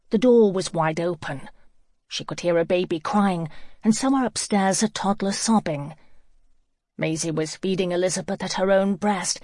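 Low-voiced woman narrating an audiobook. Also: no room sound, clean studio sound. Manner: calm, even storytelling. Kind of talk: scripted narration.

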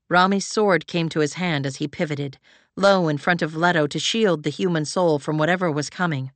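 A woman reading fantasy fiction aloud as an audiobook narrator, in an even, measured way. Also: sits low, dry recording.

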